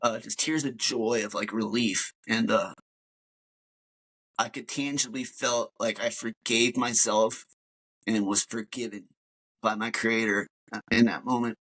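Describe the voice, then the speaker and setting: A man's voice: fairly low pitch, steady tone, unhurried, long pauses, a bit bright, low-quality recording. A man, a podcast guest, tells his personal story in a casual, rambling way, full of fillers and calling the host dude. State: emotional.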